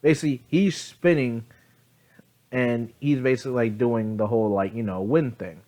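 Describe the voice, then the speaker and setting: A man's voice: medium pitch, normal speed, dark tone. Sleepy man rambling through a story. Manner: rambling, many fillers and self-corrections, casual swearing. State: sleepy, yawning. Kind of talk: casual improvised fan-story telling. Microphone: phone.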